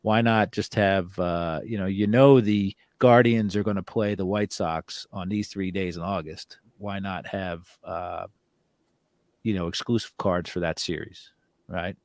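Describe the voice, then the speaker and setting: Low-voiced guy hosting a call-in show, rambly and chill, lots of "you know", dry mic. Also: fairly even intonation, a little slow, darkish tone, dry recording. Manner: rambling, filler-heavy, easygoing. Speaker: host. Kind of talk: casual call-in show chat.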